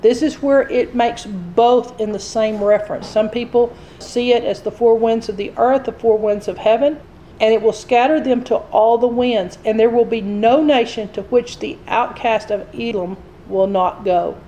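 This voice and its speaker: A woman's voice: a little high, fairly even intonation, normal speed, warm tone, a little hiss or hum. A woman preaching a sermon, explaining scripture verse by verse.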